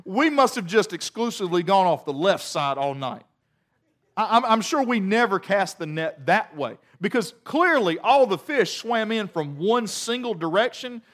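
A man's voice: high voice, fairly bright tone. A man voicing a sarcastic, grumbling male fisherman disciple who mocks with exasperation. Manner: mocking, exasperated.

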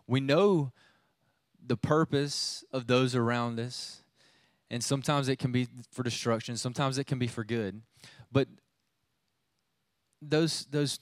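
A man's voice: medium pitch, no echo. A youth pastor in his thirties preaching a sermon, telling a family story in a conversational way with many restarts.

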